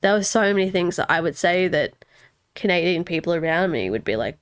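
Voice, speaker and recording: A woman's voice: on the low side, lively intonation, fairly quick. A woman with an Australian accent co-hosting a podcast in casual, chatty talk, swearing freely and laughing often. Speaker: podcast co-host. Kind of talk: casual chat.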